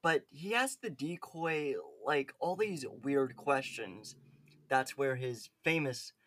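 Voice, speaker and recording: A man's voice: mid-range voice, takes it slowly, fairly bright tone, slight background noise. A man co-hosting a podcast in casual chat, rambling with lots of "like" and "um". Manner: rambling, filler-heavy with many "like"s. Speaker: podcast co-host.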